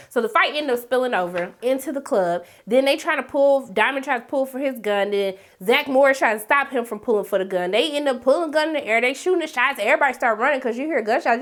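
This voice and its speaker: Woman, show recap host, sassy, dramatic, slightly high voice, keeps saying okay. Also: a bit bright. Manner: sassy, dramatic, talks straight to viewers with repeated "okay?". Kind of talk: animated solo recap.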